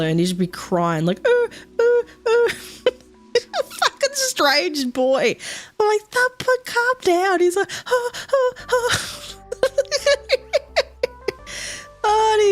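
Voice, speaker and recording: A woman chatting casually on a stream, rambling and swearing freely with plenty of fillers. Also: fairly low pitch.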